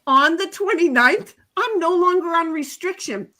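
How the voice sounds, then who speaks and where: A woman's voice: extremely high pitch, lively intonation, moderate pace, pushed and bright. A woman hosting a casual livestream, chatting in a rambling way, laughing often and reading out the live chat. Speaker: livestream host.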